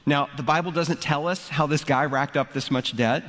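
A man gives a sermon in a relaxed, conversational way, explaining a Bible passage with casual asides. His voice sits a little high for a man. It echoes with the long reverb of a large hall. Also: moderate pace. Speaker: pastor.

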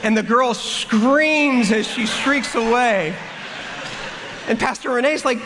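Guy preaching, big comic storyteller, highish voice, long echo in the hall. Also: slow. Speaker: pastor. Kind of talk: sermon storytelling. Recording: long hall reverb, faint room noise.

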